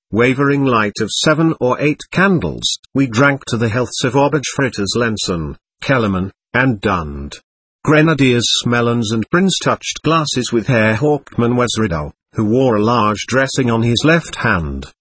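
A man's voice: mid-range voice, fairly bright tone, slightly rough, no room sound. A man narrating an audiobook in the first person, reading with expression.

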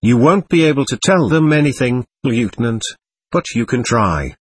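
A man's voice: medium pitch, expressive, normal speed, slightly rough, no room sound. A man voicing a gaunt, starving male soldier who is bitter and menacing, with a sneering manner, in a storybook reading. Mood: scornful. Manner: sneering, roaring.

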